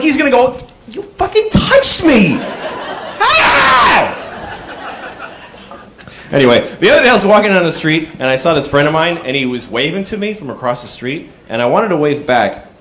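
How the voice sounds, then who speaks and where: A man doing a stand-up comedy routine on stage, telling conversational stories and breaking into sudden shouted bits, recorded live in a club with audience laughter. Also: mid-range voice, lively intonation, fast, noisy background.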